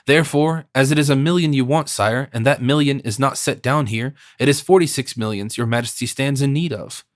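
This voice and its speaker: A sardonic old-world cardinal speaks from his sickbed in a hoarse, scornful voice, put on by a male audiobook reader. He meets every plea with irony and cold calculation. The recording is dry, with no room sound. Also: medium pitch, fairly quick, no echo, natural voice. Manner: ironic, disdainful.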